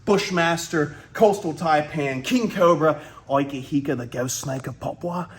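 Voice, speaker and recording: A man's voice: a little high, unhurried. A man hosting a reptile vlog at a snake facility, enthusiastic and a little out of breath. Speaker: reptile keeper and vlog host. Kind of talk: casual vlog talk to camera. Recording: roomy, from a distance, faint ambience.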